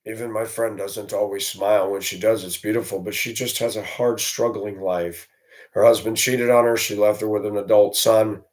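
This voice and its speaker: A man's voice: on the low side, steady tone, moderate pace, darkish tone. A man vlogging alone, speaking in a blunt, indignant, ranting way. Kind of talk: solo opinion monologue.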